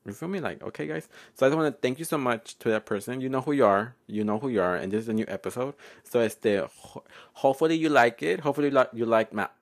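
Man, young adult, podcast host, playful, laughing, very lively pitch. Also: quick pace. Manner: playful, giggly, code-switching, often loud and laughing. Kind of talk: casual solo podcast storytelling.

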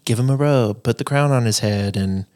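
A man's voice: mid-range voice, normal speed, darkish tone, dry recording, studio quality. A man, a podcast guest, giving brief replies and chiming in with quoted lines in casual chat.

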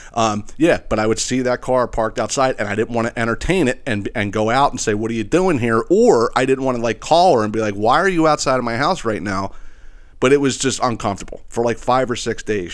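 A man telling a rambling, profane story, with many restarts and fillers, acting out the other people's lines in squealed voices. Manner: acts out quoted voices, squealing high for the woman. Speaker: podcast host. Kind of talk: casual storytelling monologue.

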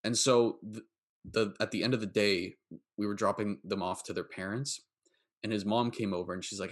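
Man, low-pitched, podcast host, relaxed, anecdotal, casual fillers. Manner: relaxed storyteller with fillers and quick asides.

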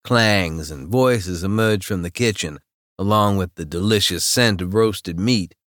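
Deep, slow male audiobook narrator. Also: a bit bright, no room sound, studio quality. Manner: low-key, wry inner voice. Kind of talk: first-person romance narration.

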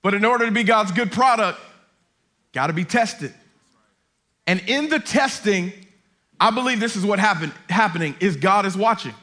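A man preaching a sermon as a campus pastor on a lapel mic, emphatic, repeating his points and building to shouts. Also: high voice, expressive, moderate pace, long pauses. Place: church auditorium.

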